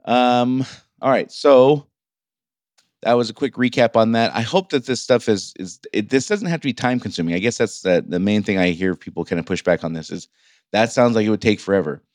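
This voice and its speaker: On his solo business podcast, a middle-aged host and business coach speaks informally, stumbling often and restarting lines. His voice is on the low side and a little mellow, at normal speed, with clean studio sound and no room sound.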